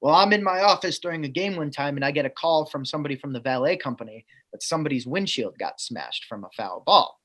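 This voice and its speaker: A man's voice: a little high, lively intonation, fast, hardly any pauses, a bit bright. A man telling a funny work story on a podcast in a casual, chatty way. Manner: chatty anecdotal, laughs through stories. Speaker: team staff member telling stories.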